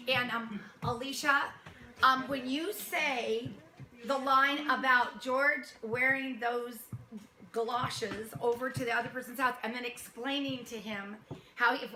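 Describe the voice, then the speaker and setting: A woman directing a youth theater show, talking casually to her cast with warm praise, much laughter and many fillers. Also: on the high side. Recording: echoey room, noisy.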